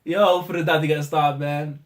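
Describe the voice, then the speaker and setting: A man's voice: a little high, little pitch movement, normal speed. A young man hosting a live manga reaction, talking emotionally and casually, often pleading and repeating "man" and "bro".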